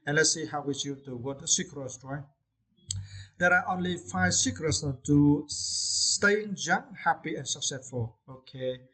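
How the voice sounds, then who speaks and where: A man whose first language is Vietnamese teaching English vocabulary, pausing often with "uh" and checking with "right?". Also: a little high, fairly bright tone, low-quality recording. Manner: hesitant, many "uh"s and "right?" checks. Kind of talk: vocabulary lesson.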